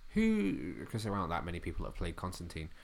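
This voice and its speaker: A man's voice: low-pitched, huge pitch swings, fast, vocal fry. A man co-hosting a podcast, asking curious questions in a casual chat about comics. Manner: curious, asks lots of questions. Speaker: podcast co-host.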